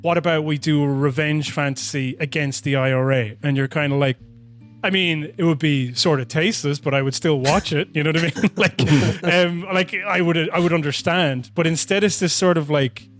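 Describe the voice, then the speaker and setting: A podcast co-host with a fairly high, bright voice talks through a film at a normal pace, soft music playing underneath. His casual discussion rambles, he cuts himself off and restarts often, and he laughs a lot.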